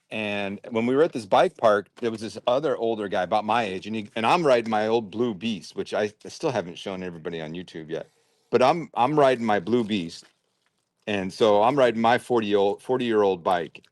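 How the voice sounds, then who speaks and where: A man's voice: on the low side, normal speed, dry recording. A man hosting a livestream, chatting casually and thinking aloud while he sorts and packs orders. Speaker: livestream host sorting and packing toy brick orders. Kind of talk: casual chat while working.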